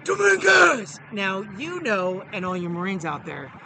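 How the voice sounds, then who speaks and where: A middle-aged man and former Marine telling a story in a casual podcast chat, animated and profane, acting out the voices of the people in it. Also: high-pitched, moderate pace, background noise.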